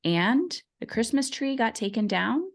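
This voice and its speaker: A woman in her forties speaks as a podcast guest, telling a personal story in a relaxed conversational way. She is animated and slips into the voices of the people she quotes. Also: fairly high pitch, a little slow. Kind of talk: conversational interview.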